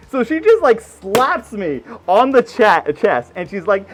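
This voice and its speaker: A man with a high voice tells a story in casual talk. His pitch swings widely and he swears freely. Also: normal speed, few pauses. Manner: animated, swears freely, acts out quoted voices. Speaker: guest telling a story.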